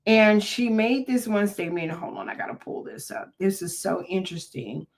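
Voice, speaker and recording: A woman's voice: medium pitch, animated, moderate pace, vocal fry. An older woman hosting a talk about mental health, speaking earnestly and preaching a little, with frequent "um"s and restarts. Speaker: podcast host and therapist. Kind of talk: unscripted motivational talk.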